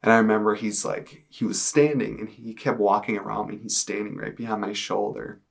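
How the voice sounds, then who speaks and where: A young man telling his personal testimony in earnest, halting speech with many fillers. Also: fairly low pitch, fairly even intonation, creaky. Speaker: testimony speaker.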